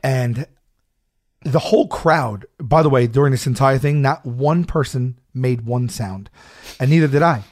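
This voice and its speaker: A man telling a story in a casual chat, stammering and loudly acting out the people in it. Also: mid-range voice, a little slow. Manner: animated, acts out a shouting wrestler and his own stammering. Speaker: storyteller guest.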